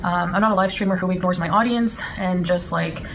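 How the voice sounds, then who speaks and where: A woman's voice: on the low side, a little fast. A woman live streamer talking casually and rambling to her chat, with many fillers and restarts. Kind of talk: casual livestream talk. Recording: streamed clip with clear background noise.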